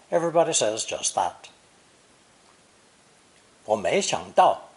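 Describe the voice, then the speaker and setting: A man narrating a recorded language lesson, explaining slowly and deliberately, with example sentences read in Chinese. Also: mid-range voice, wildly swooping pitch, darkish tone. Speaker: language teacher.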